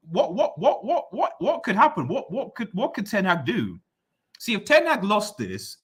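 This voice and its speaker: Guy streaming and reading chat, bright punchy voice, keeps repeating himself, teasing. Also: fairly high pitch. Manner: repeats phrases, teasing, excitable rants. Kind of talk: casual live-stream chat.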